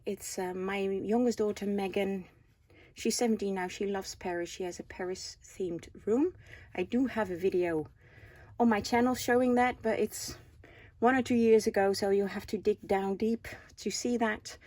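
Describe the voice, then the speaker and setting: A woman's voice: medium pitch, fairly even intonation, moderate pace, dark tone, dry recording. A woman in her forties from the Netherlands with a Dutch accent, chatting casually as she shows off items from a craft haul and asks the viewers questions. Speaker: craft vlogger. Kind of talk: casual show-and-tell chat.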